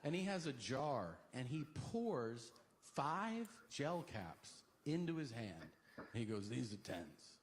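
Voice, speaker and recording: A man's voice: medium pitch, very animated, slow. A man doing stand-up, telling a story and acting out both sides of the conversation. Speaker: stand-up comedian. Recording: live stage set with audience laughter.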